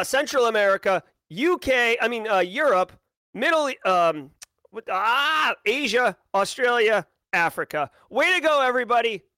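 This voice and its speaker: A man hosting a live stream, casually chatting and giving energetic, playful shout-outs to viewers. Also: extremely high pitch, no room sound. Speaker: livestream host.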